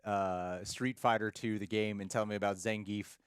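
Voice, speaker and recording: A man's voice: lowish voice, steady tone, moderate pace, clear, resonant tone, no room sound, studio quality. A man co-hosting a casual livestream who reads viewer comments aloud in a laid-back way. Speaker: co-host.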